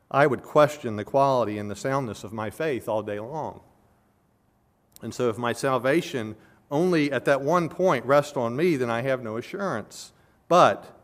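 Earnest male preacher with swelling emphasis. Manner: earnest preaching, voice swelling loud on key words then dropping low. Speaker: pastor. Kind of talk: expository sermon.

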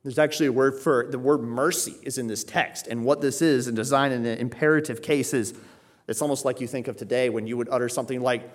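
A man's voice: medium pitch, fairly quick. A man preaching an expository sermon, emphatic and explanatory, often checking in with "right?" and raising his voice when acting out quoted pleas. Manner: emphatic teaching, frequent "right?" check-ins. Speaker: pastor.

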